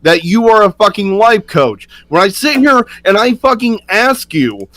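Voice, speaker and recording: A man with a fairly high voice cuts into a live-stream debate. He swears through an escalating, angry tirade. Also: sing-song, unhurried, pushed and bright, poor audio. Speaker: stream panelist. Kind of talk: heated live-stream argument.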